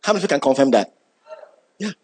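Male preacher, husky voice, emphatic sermon delivery, repeats words. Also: a little high, quick pace. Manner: emphatic, repeats key words, swells when excited.

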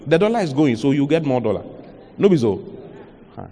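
Ghanaian pastor preaching in a reverberant hall. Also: male voice, medium pitch, very animated, brisk, warm tone. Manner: emphatic preaching with rhetorical questions. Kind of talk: sermon.

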